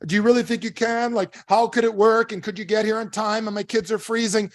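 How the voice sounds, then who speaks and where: A man's voice: sits high, level tone, a little fast, pitched above the performer's own voice, natural voice. A man acting out a frustrated, freezing man who complains skeptically and doubts anyone can help him. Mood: exasperated.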